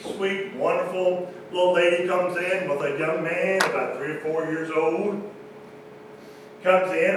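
A man telling a humorous story to a church audience in a folksy, animated way. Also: sits high, a little hiss or hum. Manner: folksy, animated, Southern-style "y'all" talk with quoted voices. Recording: echoey hall, distant mic.

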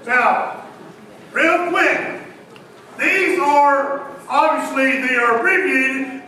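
A man delivers a dramatic sermon in a very high, bright voice, rising to shouts and dropping to hushed quotes. He is heard from a distance in a strongly echoing church hall. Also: slight background noise. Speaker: preacher. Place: church sanctuary.

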